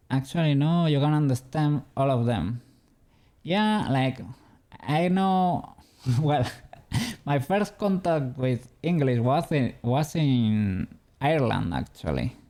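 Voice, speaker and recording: Slow, gravelly man. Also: mid-range voice, mellow. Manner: rambling, chuckling often, self-correcting. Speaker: livestreamer doing 3D modeling. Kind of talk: casual chat with viewers.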